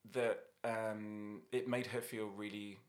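A man's voice: fairly low pitch, little pitch movement, slow. An Irish-born man, a hairdresser and salon owner, chatting as a guest in a podcast studio and telling stories with light laughs. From Ireland. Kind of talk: casual interview chat.

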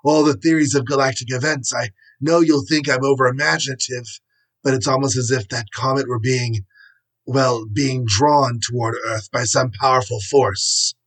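A man reading aloud voices an earnest male astronomer who delivers grave news in a measured, solemn way, with a husky voice. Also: mid-range voice, fairly bright tone, voice pushed up, natural voice, low-quality recording.

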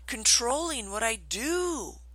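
A woman's voice: a little high, very animated, takes it slowly, a bit bright, dry recording, exaggerated voice. A woman voicing an anxious female therapy client in a retold comedy skit. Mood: fretful.

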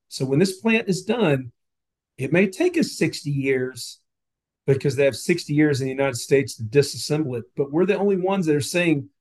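A man with a slightly high voice speaking as an interview guest, pressing his points with insistent repetition. He sounds passionate and argumentative, piling up examples one after another. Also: expressive, moderate pace, a little mellow. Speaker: guest, nuclear industry advocate.

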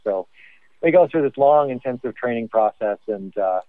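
A podcast co-host phones in while driving, his mid-range voice lively in intonation and moderate in pace. He tells a joke in a halting, rambling way full of fillers during the casual call. The recording is dry, coming through a tinny phone line.

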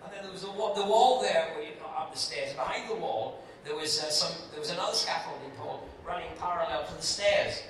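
An older man, a guest actor, tells lively anecdotes on stage and slips into voices as he goes. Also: a little high, fairly quick, few pauses, distant mic. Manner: animated storyteller, acts out voices, laughing. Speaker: guest actor at a fan convention Q and A. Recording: echoey hall heard from afar with crowd. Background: audience laughter.

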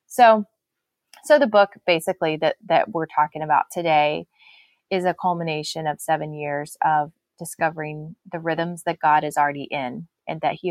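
A woman's voice: low-pitched, dry recording. A woman speaking as an author guest on a faith-based podcast, reflective and earnest, often restarting her sentences.

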